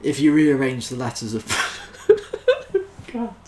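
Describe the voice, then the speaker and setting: A man's voice: mid-range voice, huge pitch swings, slow, darkish tone, reverberant, slight background noise. A British man from the UK casually reading jokes aloud in an amused, self-mocking way. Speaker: YouTuber.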